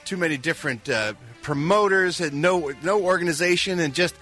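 A man's voice: fairly high pitch, a little fast, pushed and bright, faint music behind. A man co-hosting a morning radio show, giving emphatic opinions. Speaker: radio co-host.

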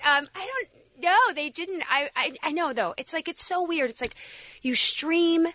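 A woman's voice: extremely high pitch, lively intonation, a little slow, bright, forceful tone, no room sound. A woman, an actress being interviewed in a radio studio, chatting casually with lots of fillers and giggles. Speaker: actress guest.

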